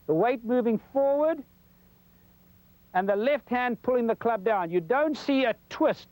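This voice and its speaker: A golf instructor with a very high, darkish voice gives a homespun lesson on 1990s television, showing the moves as he explains them. The audio is poor but dry, with no echo.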